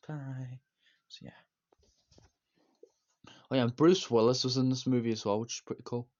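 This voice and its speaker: A man giving a casual, rambling movie review, enthusiastic and repetitive, with many fillers and restarts. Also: medium pitch. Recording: dull lo-fi recording.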